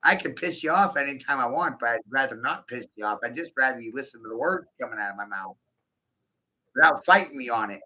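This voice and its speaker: Brief: male vlogger, piercing tense tone with some gravel, giggly profane rant, dull lo-fi audio. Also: medium pitch, lively intonation, quick pace, bright, forceful tone. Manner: profane, giggly, keeps breaking into laughter; rhetorical, addresses the listener directly. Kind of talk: rambling stream-of-consciousness monologue. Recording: dull lo-fi recording.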